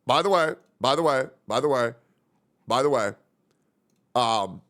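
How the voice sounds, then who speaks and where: Animated, foul-mouthed young male streamer. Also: medium pitch, unhurried. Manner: rambling, profane, reacting to chat. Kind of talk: casual livestream chat.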